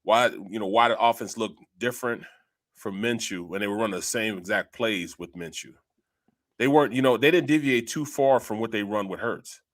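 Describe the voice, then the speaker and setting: A man's voice: on the low side, normal speed. A middle-aged man co-hosting a casual sports talk show, laughing often and calling people bro and man. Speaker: co-host.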